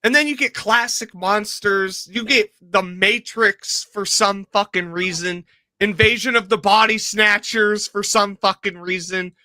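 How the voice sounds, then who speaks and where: A man's voice: sits high, a little slow, bright, forceful tone, no room sound. A man co-hosting a casual podcast, telling rambling, profane stories. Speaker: podcast co-host. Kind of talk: casual chat.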